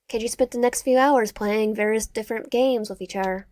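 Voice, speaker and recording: A woman reading a dating game aloud, voicing the narration with expressive, sarcastic asides. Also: fairly high pitch, fairly quick, dry recording. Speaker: gamer.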